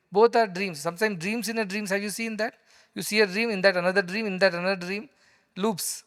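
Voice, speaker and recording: A man's voice: high voice, a bit bright. A man with an Indian English accent giving a conversational spiritual discourse, explaining with stories and emphasis. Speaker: spiritual teacher. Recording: long hall reverb.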